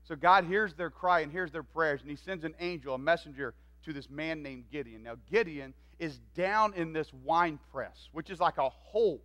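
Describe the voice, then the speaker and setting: Pastor, male, high and bright voice, animated sermon storytelling. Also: moderate pace, hardly any pauses. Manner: animated, acts out quoted voices. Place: church.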